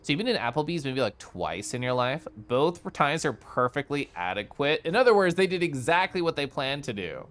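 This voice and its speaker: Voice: medium pitch, big pitch swings, normal speed, hardly any pauses, a bit bright, a little hiss or hum. A game streamer chatting casually on a live stream, reacting to chat with a giggly, chatty manner.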